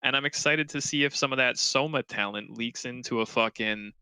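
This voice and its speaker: Bright-toned, smooth male co-host, emphatic and profane, close dry mic, casual gaming banter. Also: mid-range voice, brisk, no echo, rough recording. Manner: emphatic, swears often, argumentative. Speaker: podcast co-host.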